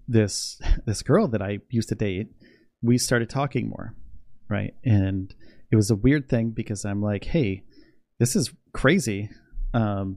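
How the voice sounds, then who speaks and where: A young man chatting casually on a livestream, rambling and excitable, laughing often. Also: lowish voice, no echo, clean studio sound. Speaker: space news livestreamer.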